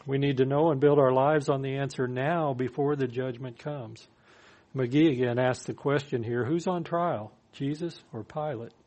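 A man's voice: mid-range voice, steady tone, normal speed, darkish tone. A man preaching a sermon, reading scripture aloud and explaining it with dry humor. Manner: reads verses then explains with dry humor. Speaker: pastor.

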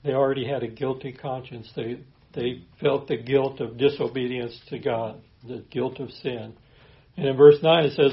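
A man preaching a sermon, reading scripture aloud and explaining it in an earnest, steady manner. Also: mid-range voice, highs cut off. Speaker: pastor.

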